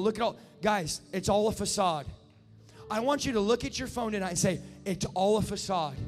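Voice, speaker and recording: An impassioned male preacher with a very high voice, his words ringing out through a big echoing hall. Faint music plays underneath as he presses and climbs toward shouts. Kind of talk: sermon.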